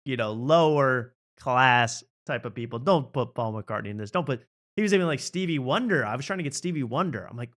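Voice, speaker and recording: A man's voice: mid-range voice, expressive, a little fast, fairly bright tone. Male comedy host, loose and sarcastic, mid-range voice, streaming from a home studio. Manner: rambling, sarcastic, laughs often. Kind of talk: casual comedy chat, live stream.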